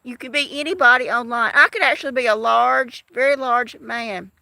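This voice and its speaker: Woman in her fifties, live stream chat, high gravelly voice, bright edge, dry close sound, rambling. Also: normal speed, no room sound. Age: 50s. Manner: rambling, chatty, with frequent restarts and laughs.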